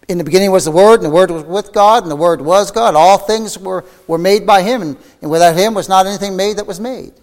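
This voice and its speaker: A man preaching a fervent sermon, reading scripture aloud, his voice climbing high and then falling to near-whispers. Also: in a large hall. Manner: fervent preaching, soaring then dropping to a hush.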